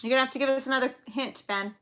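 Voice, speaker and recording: A chatty woman in her thirties hosting a live trivia stream for her viewers. Her voice is bright, forward and sits a little high. She giggles easily and wanders into small anecdotes between questions. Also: fairly even intonation, very fast. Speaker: livestream trivia host and mother. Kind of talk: casual live-stream chat.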